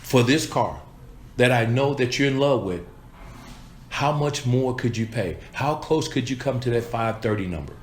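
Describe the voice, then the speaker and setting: A man's voice: mid-range voice, lively intonation, normal speed, slight background noise. A man coaching salespeople in an emphatic, repetitive style with punchy catchphrases. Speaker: sales trainer. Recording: echoey room.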